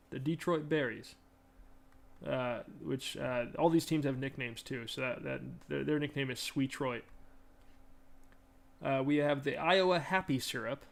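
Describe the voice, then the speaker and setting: A man's voice: medium pitch, gravelly. A man designing a tabletop game talks through it on a casual livestream, rambling and correcting himself, a little stuffy. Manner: rambling, self-correcting, enthusiastic. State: stuffy, congested.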